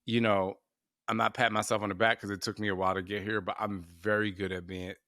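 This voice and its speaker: A man in his forties hosts a podcast in a very low, deep voice, recorded dry and close. He chats casually and laughs between phrases. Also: flat delivery, fast talker, bright, forceful tone, no room sound. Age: 40s. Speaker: podcast host. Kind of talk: casual conversational interview.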